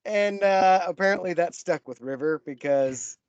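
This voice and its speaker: A man with a fairly high voice chats casually as co-host, often breaking into laughter mid-story. His sound is dry and a little muffled, like a home mic over an internet call. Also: a little slow, no echo. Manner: laughs often while telling stories. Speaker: podcast co-host. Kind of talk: casual chat.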